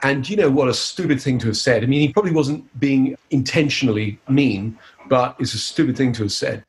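A hypnotist giving a seminar leads a live teaching demonstration in an upbeat, playful manner. His voice is medium-pitched, and he speaks fairly quickly.

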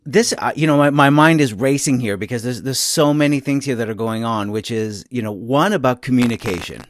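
A man's voice: mid-range voice, brisk. A man hosting a casual conversation, enthusiastic and reflective, laughing easily as he thinks aloud. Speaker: podcast host.

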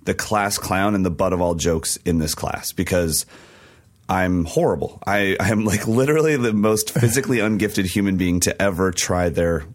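A man with a hoarse, worn-out voice tells a story with excitement, laughing as he goes. His voice sits fairly low. It is a relaxed, casual podcast chat. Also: normal speed. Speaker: podcast co-host.

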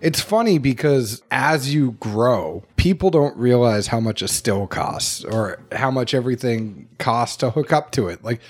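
A man hosting a relaxed interview show, chatty and curious. He thinks out loud before he asks a question. His voice is mid-pitched. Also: measured pace, few pauses, slightly rough. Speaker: host. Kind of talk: casual interview chat.

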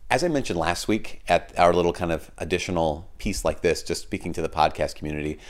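A man, a priest giving a conversational homily and podcast message. He tells stories in a lively, informal way, with fillers and self-deprecating asides. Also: sits low, fairly quick. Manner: animated storyteller, acts out quoted people in a raised voice.

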